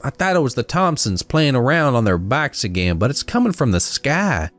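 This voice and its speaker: A man's voice: medium pitch, very animated, normal speed, fairly bright tone, faint music behind, voice pushed up. A man voicing the storyteller's younger self, an anxious young adult son, in a horror story. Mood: worried.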